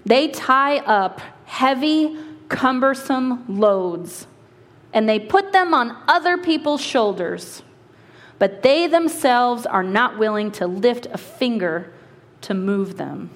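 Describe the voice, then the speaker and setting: A woman lead pastor preaching a sermon and reading scripture, earnest and slowing for emphasis, with quick asides. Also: on the high side, expressive. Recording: long hall reverb.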